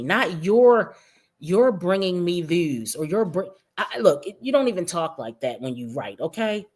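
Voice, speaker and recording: With a lowish, sing-song voice that's darkish and slightly rough, a woman streams reaction commentary on posts. She mocks them brashly and profanely, stretching her words out at a slow pace.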